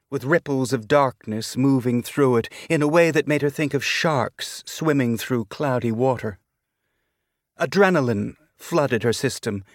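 A man reading a novel aloud as an audiobook narrator, with a measured, deliberate delivery. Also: mid-range voice, no room sound, clean studio sound. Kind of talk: scripted narration.

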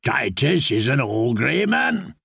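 A man's voice: medium pitch, very animated, takes it slowly, creaky, a bit bright, husky, dry recording, clean studio sound, heavily acted. A man voicing a jovial bearded knight teasing his cousin in an audiobook.

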